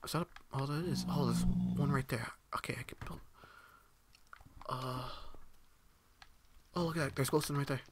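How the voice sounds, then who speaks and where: A man giving live, excitable gameplay commentary, talking to himself, swearing and reacting loudly as he plays. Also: medium pitch, normal speed, gravelly, long pauses, slight background noise.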